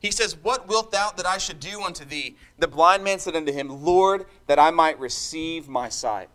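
High-voiced man preaching a passionate sermon. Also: moderate pace, fairly bright tone. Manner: impassioned, emphatic preaching with call-and-response asides.

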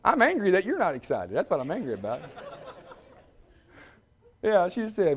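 A man preaching a sermon, dropping to quiet, joking asides and rising to shouted peaks. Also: high voice, huge pitch swings, normal speed. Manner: humorous, self-mocking asides.

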